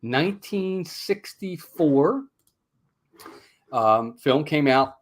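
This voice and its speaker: This male host's voice is fairly high and very slow. On his casual movie review podcast, streamed live, he chats with a co-host, laughs easily, stays lively, and reads a mock ad written in rhyme.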